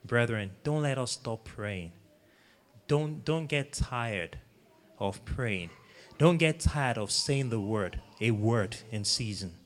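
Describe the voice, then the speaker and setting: A man's voice: mid-range voice, lively intonation, slow pace, in a large hall. Earnest male preacher exhorting a congregation. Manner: earnest exhortation, repeating phrases, sings snatches of a hymn. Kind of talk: sermon.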